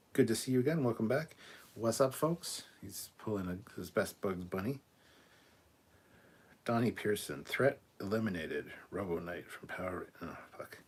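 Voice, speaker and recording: A man's voice: on the low side, slightly rough. A man hosting a casual live stream, reading viewer comments aloud and answering them with blunt, profane asides. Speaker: livestream host.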